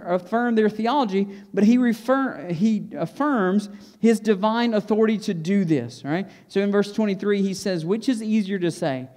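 Man, pastor, sermon, high-pitched, animated storytelling, emphatic.

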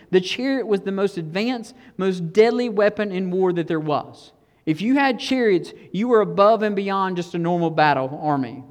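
A preacher giving a conversational sermon who drops to hushed tones for emphasis. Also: mid-range voice, long reverb tail.

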